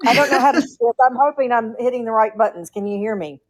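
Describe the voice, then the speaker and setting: A woman's voice: fairly high pitch, fast talker, rough recording. Chatty Southern woman caller from Atlanta. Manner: chatty, earnest storytelling. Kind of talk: casual call-in chat.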